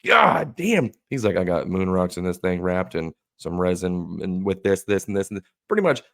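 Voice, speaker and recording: A man's voice: deep voice, a little fast, darkish tone, no room sound, studio quality. A man co-hosting a podcast, telling a long rambling, profane bar story and acting out what others said. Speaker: podcast co-host. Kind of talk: casual storytelling chat.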